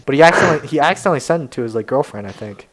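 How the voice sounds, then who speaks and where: A man's voice: mid-range voice, lively intonation, rapid-fire, low-quality recording. Rambling young man telling a story. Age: young adult. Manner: rambling storyteller, laughing often. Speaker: podcast co-host. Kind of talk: casual chat.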